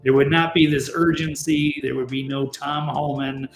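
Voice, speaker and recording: This is a man with a slightly high voice, a guest on a political chat show. He talks bluntly, swears casually and sounds fed up with the people he is criticizing. His voice bounces around an echoey room, with faint music behind him. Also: level tone, moderate pace. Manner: blunt, profane and exasperated.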